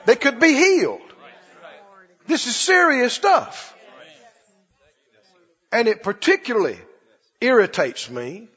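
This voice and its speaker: A male preacher giving an animated, emphatic sermon, repeating lines for stress. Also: very high-pitched, breathy edge. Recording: dull lo-fi recording with long hall reverb.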